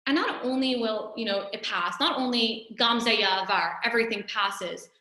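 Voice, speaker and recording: A woman's voice: a little high, moderate pace, sharp tone. A woman teaching a religious lesson in a conversational, storytelling way, often saying "you know". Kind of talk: recorded Torah lesson. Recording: echoey room.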